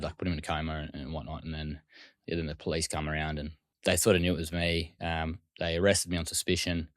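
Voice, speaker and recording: A man's voice: low voice, no room sound, studio quality. An Australian man telling his life story as an interview guest, in a loose, casual way with frequent swearing and fillers.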